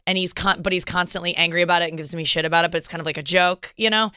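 A woman's voice: lowish voice, steady tone, racing, pushed and bright, smooth, no room sound. A woman hosting a podcast, telling candid, rambling stories with many restarts. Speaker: podcast host. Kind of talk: casual chat.

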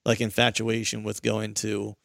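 A man with a gravelly, fry-heavy voice, chatting in a laid-back, slangy way. His sound is dry and close. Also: fairly low pitch, completely flat delivery, normal speed, fairly bright tone, no echo. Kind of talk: casual chat.

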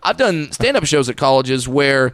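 A man co-hosting a podcast, chatting and joking in an animated way. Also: mid-range voice, normal speed. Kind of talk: casual chat.

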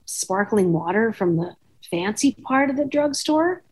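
Husky-voiced woman telling rambling stories. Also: a little high, animated, measured pace, darkish tone. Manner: rambling anecdotal storyteller, acts out dialogue. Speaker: podcast host. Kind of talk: casual chat.

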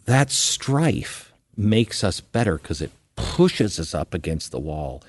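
A man's voice: lowish voice, sing-song, slow. A man hosting a podcast interview, asking long, reflective questions. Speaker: podcast host.

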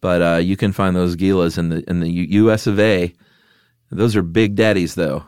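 A man's voice: sits low, fairly even intonation, moderate pace, a little mellow, clear, resonant tone, no echo, studio quality. A man co-hosting a podcast in casual, jokey chat, laughing often and reading from his notes. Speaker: podcast co-host.

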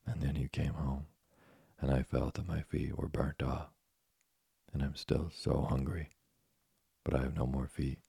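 A fussy, whining wooden puppet boy, voiced by a man reading a storybook. The voice sits very low and husky, with a gravelly edge. It is recorded dry and close. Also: level tone, a little slow, long pauses, dark tone, no room sound, exaggerated voice. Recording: dry close studio sound.

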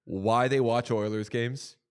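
A man co-hosting a sports podcast in casual chat, joking and animated, often slipping into quoted voices. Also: medium pitch, unhurried, smooth. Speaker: podcast co-host.

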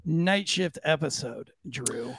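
A man hosting a podcast in casual chat, joking and teasing, with a gravelly voice. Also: fairly high pitch, lively intonation, slow, a bit bright, no room sound, clean studio sound. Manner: jokey, teasing. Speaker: podcast host.

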